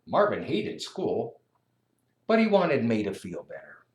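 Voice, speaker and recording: Slow, expressive storybook reader. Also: mid-range voice. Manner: slow, expressive, sing-song. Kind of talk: children's story read-aloud. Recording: echoey room.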